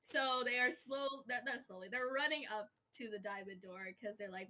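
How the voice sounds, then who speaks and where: A woman's voice: on the high side, moderate pace, pushed and bright, a little hiss or hum. A woman running a roleplay as game master, narrating with a chatty, giggly, playful manner over a voice call. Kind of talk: narrating a tabletop-style roleplay.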